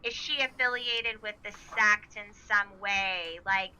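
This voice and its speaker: Bright, slow-talking woman running a game. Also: mid-range voice, smooth. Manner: chatty, many fillers and restarts, laughs easily. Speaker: game master. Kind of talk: narrating a tabletop game. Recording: dull lo-fi recording.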